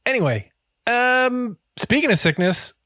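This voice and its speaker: A man's voice: very high-pitched, lively intonation, measured pace, pushed and bright, dry recording, studio quality. A man hosting a casual comedy podcast, joking, swearing and slipping into silly impressions. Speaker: podcast host.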